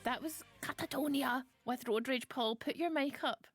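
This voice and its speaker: A woman's voice: sits high, normal speed, over music. A Scottish woman in her thirties hosting a casual radio show, chatty and self-mocking, reading listener messages and laughing often. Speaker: radio host. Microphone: studio mic. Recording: dry close studio sound.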